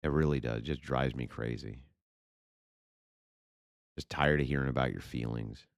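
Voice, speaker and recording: A man's voice: extremely low pitch, moderate pace, vocal fry, no room sound, clean studio sound. A man answering chat questions on a casual livestream, ranting bluntly and with a lot of profanity.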